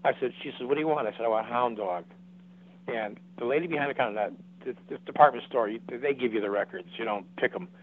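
Talking fast at medium pitch, a guest in his seventies tells a casual story over a dry, tinny phone-like connection. His delivery rambles, with repeats, restarts and quotes he acts out.

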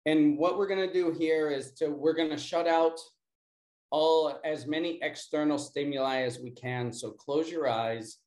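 A man leading an interactive class and then a guided breathing exercise, talking deliberately and often checking in with "right?". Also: fairly high pitch, steady tone, a little mellow. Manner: slow, deliberate, repeats key words and checks in with "right?". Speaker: workshop instructor. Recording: roomy echo.

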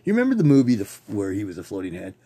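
Rambling gravelly-voiced man telling stories. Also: fairly low pitch, huge pitch swings, rapid-fire, mellow. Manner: rambling, profane, laughs often. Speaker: podcast host. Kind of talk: rambling personal storytelling.

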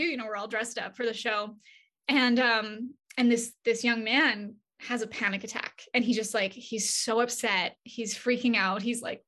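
A woman being interviewed, telling stories in a casual, animated way and acting out quoted dialogue. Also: a little high, normal speed. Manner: many fillers and restarts, chatty. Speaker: agency CEO, interview guest. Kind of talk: casual conversational storytelling.

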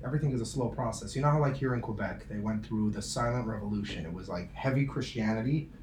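A man's voice: lowish voice, quick pace, slight background noise. Joking middle-aged man, roomy sound. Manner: joking, storytelling, animated. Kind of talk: casual chat. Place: room in Montreal.

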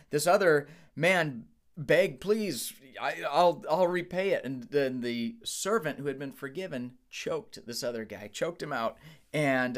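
A man in his forties, a pastor, preaching a candid, conversational sermon with some restarts. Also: mid-range voice.

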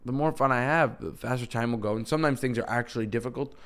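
Talking fast in a mid-range, fairly bright voice, a young man runs his own podcast alone. He stays casual and upbeat, wandering off track and often backing up to fix what he said.

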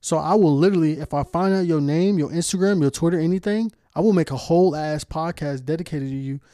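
A man's voice: on the high side, fast, dark tone, no echo. Profane, ranting podcast host man. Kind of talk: casual podcast chat.

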